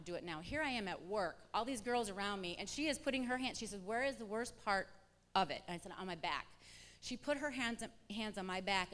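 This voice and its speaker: Woman giving testimony in a reverberant church. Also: mid-range voice. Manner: animated storyteller acting out quoted exchanges. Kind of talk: personal testimony to a congregation. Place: church hall. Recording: long church hall reverb.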